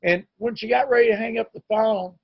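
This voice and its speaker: A man's voice: high voice, steady tone, fairly quick, vocal fry, breathy edge, dry recording, lo-fi sound. A middle-aged man telling his own recovery story in an earnest, plain-spoken way. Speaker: recovery meeting speaker. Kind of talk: personal testimony talk. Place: home, online meeting.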